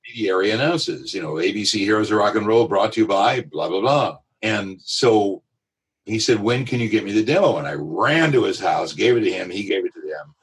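A male voiceover artist telling a lively anecdote in an interview, with a husky voice. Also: on the low side, brisk, low-quality recording. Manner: animated anecdotal storytelling. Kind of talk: storytelling in an interview.

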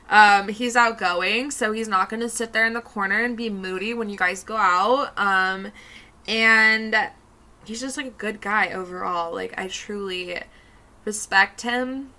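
Slow, bright-voiced young woman. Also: medium pitch. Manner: laid-back, giggly, swears casually. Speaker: podcast co-host. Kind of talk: casual podcast chat.

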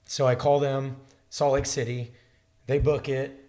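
A man's voice: mid-range voice, a little slow. A man casually telling a long travel story, acting out the people he talked to. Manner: animated storytelling, acts out dialogue. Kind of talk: casual chat.

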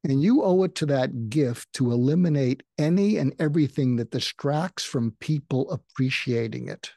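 An older man talks through advice in a relaxed, mellow voice, now and then acting out sample lines with a lift in pitch. The recording is close and dry, with no room sound around him. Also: moderate pace, no room sound. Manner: explanatory, acts out sample lines in a raised voice. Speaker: psychiatrist guest. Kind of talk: conversational advice in a podcast interview.

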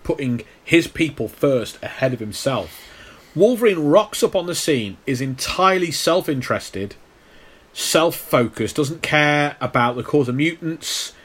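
A man's voice: medium pitch, a bit bright. Man explaining film lore in chat. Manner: knowledgeable, explains at length with stammered restarts. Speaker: podcast co-host. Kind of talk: casual film podcast chat.

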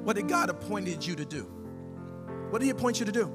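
A male pastor preaching a sermon, animated and joking, swinging between loud calls and hushed appeals. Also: sits high, brisk. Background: band music.

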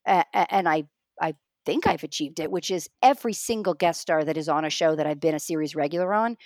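A middle-aged woman, a guest actor, chatting on a remote interview in an animated way and acting out the lines she quotes. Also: low voice, fast, dry recording. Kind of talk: casual remote interview chat.

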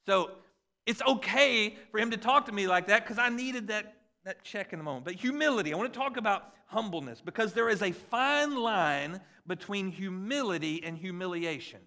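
A man in his forties, a pastor, preaching a conversational and animated sermon with jokes about his kids. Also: high voice, normal speed. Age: 40s.

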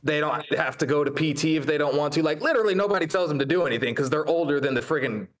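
A man in casual podcast chat, relaxed, answering with short remarks and easy laughter. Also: a little high, rapid-fire.

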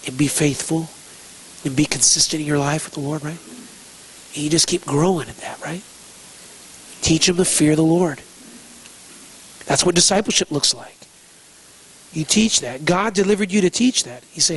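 A man's voice: a little high, brisk, pauses often, a bit bright, husky, low-quality recording. A man preaching a sermon, emphatic, asking rhetorical questions and repeating key phrases. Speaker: pastor.

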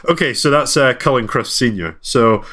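A man's voice: mid-range voice, moderate pace, sharp tone. A man co-hosting a casual podcast chat, joking and reading lists aloud with dry asides. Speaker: podcast co-host.

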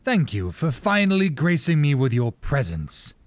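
A man's voice: fairly high pitch, huge pitch swings, normal speed. A manic, paranoid king. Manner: erratic, shouting, manic. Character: paranoid raging middle-aged king. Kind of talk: audio drama acting.

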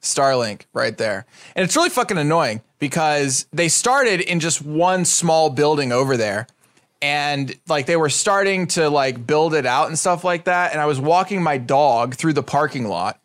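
An American man chatting casually as a podcast co-host, profane and animated, laughing through his stories. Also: fairly high pitch, moderate pace. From United States. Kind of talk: casual chat.

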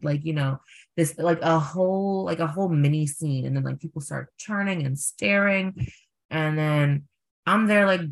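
A young man, a drag performer, telling stories in a casual interview, full of fillers and animated quoted voices. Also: fairly high pitch, moderate pace, creaky.

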